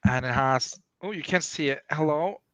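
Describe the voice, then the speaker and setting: A man co-hosting a casual podcast over a video call, drawling through tarot pulls with deadpan sarcasm. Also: fairly high pitch, normal speed, slight background noise, rough recording. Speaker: podcast co-host.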